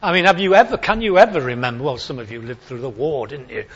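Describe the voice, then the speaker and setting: A man's voice: medium pitch, quick pace, breathy edge. A man giving an informal, chatty sermon, repeating key phrases for emphasis. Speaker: preacher. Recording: lo-fi recording.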